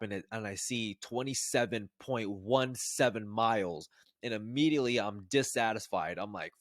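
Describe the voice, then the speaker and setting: A man in his twenties casually telling a personal story to the camera, rambling and animated with frequent restarts. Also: mid-range voice, no echo, studio quality. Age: 20s. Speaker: vlogger.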